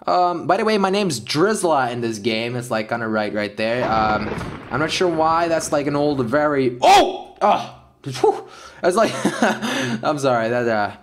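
Young male gamer, excitable Let's Play narration with a lively, swinging pitch. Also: moderate pace, a little hiss or hum. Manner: excitable, yelps and laughs at in-game action. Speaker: gaming YouTuber.

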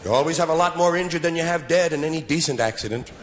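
A man in his forties performs stand-up live before an audience, speaking fast in a voice on the high side. His humor is sardonic with mock-solemn asides, and the recording is noisy.

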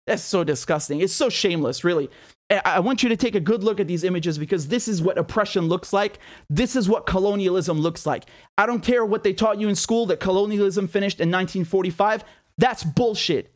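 A man's voice: high-pitched, a little fast. A man giving an angry political monologue, indignant and heated, firing rhetorical questions and repeating himself. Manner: swears and repeats words when worked up. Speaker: political commentator.

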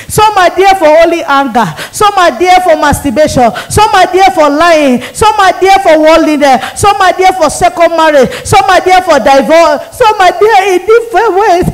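A woman's voice: very high voice, moderate pace, hardly any pauses, poor audio. A woman evangelist with a Nigerian accent giving a fervent, pleading testimony sermon, repeating her phrases. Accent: Nigerian English. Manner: pleading, fervent, repetitive delivery.

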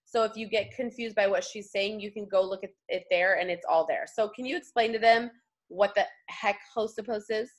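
A woman's voice: mid-range voice, fairly quick. A young woman leading a casual coaching chat, upbeat and slangy. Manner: chatty, upbeat, slangy, puts on voices when quoting. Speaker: team leader hosting a call.

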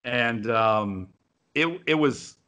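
This is a man co-hosting a casual video-call chat among opera singers. His voice is bright and forceful at a middle pitch. He tells stories with lively, profane energy and acts out the lines he quotes. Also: extremely slow, slight background noise. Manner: animated, profane storyteller who acts out quotes.

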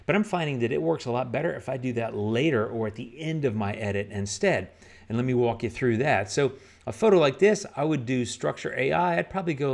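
A man's voice: mid-range voice, gravelly. A man hosting a photo-editing tutorial, talking casually and thinking aloud as he works. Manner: relaxed, conversational, thinks aloud with fillers. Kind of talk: casual screen-recorded software tutorial.

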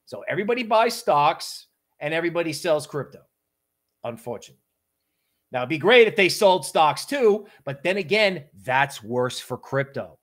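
Higher-voiced man hosting casual market talk. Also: normal speed. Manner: animated, joking storyteller. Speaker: crypto market livestream host.

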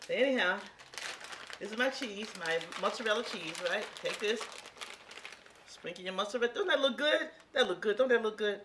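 A woman's voice: mid-range voice, lively intonation, a little fast, noisy background. Folksy exclamatory woman in her sixties. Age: 60s. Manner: exclamatory and folksy, talks straight to viewers. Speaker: home cook. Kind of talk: casual cooking demonstration.

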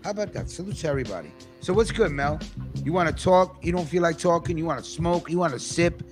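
A man's voice: a little high, animated, fast talker, over music. A man hosting a casual podcast, talking in a rambling, profane way. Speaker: podcast host.

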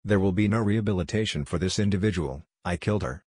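A cool teenage masked killer who answers in flat, clipped words, read by a man. The voice sits low and husky. The sound is dry and close. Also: fast, dry recording. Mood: calm. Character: calm, respectful teenage male masked assassin.

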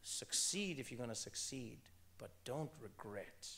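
A man in his thirties from South Africa, a guest in an interview, telling personal stories with animated energy and frequent restarts. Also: mid-range voice, measured pace, creaky. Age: 30s. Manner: animated, repeats words when restarting, laughs while telling stories. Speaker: author and comedian guest. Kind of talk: conversational interview storytelling.

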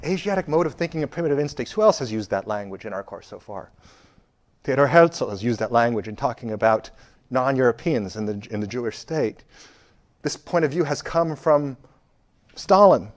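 A man giving a university history lecture, stressing key phrases loudly and dropping to quiet asides, with frequent fillers and restarts. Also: mid-range voice, expressive, normal speed.

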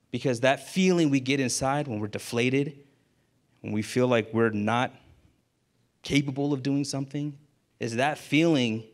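A man, an insurance agent guest, telling a casual story in a candid, lively way and acting out the dialogue he quotes. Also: mid-range voice.

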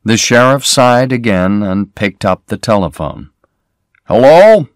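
Slow, clear male story reader. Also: fairly low pitch, fairly bright tone, no room sound, clean studio sound. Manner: slow, clear, plain reading. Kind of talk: scripted narration of a graded reader.

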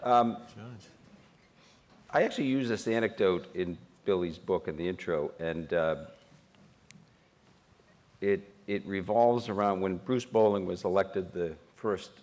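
A man's voice: deep voice, measured pace, long pauses, darkish tone. A man, moderating a panel discussion with jokes, anecdotes and probing questions. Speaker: moderator, newspaper reporter. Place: public forum hall.

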